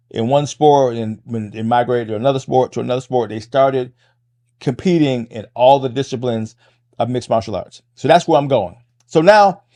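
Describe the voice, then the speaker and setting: A middle-aged man hosting a podcast, talking fast in a casual monologue, restarting phrases and tagging lines with "right?". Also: mid-range voice, dark tone. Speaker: podcast host and MMA coach.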